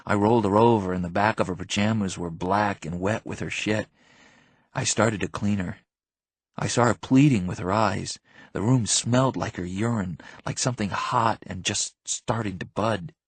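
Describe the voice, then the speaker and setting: A man narrating an audiobook in the first person, intense and numb in the quiet stretches. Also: lowish voice, breathy edge, no echo.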